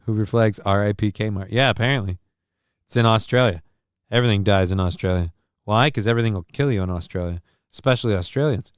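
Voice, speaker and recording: A man's voice: lowish voice, fast talker, clear, resonant tone, dry recording, clean studio sound. Joking man hosting a livestream. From American Midwest. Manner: joking, rambling. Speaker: host. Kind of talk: casual livestream commentary.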